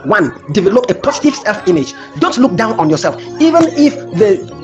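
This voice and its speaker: A man's voice: high voice, sing-song, fairly quick, dull audio, music in the background. A man giving a workshop lecture to teachers, emphatic and repetitive, telling classroom stories. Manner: emphatic, repeats phrases, tells classroom stories. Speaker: teacher trainer.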